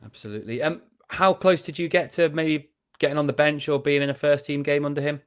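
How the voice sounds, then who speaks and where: A man hosting a podcast, chatting casually and asking relaxed follow-up questions. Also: fairly high pitch, a little fast. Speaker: podcast host. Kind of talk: casual interview chat.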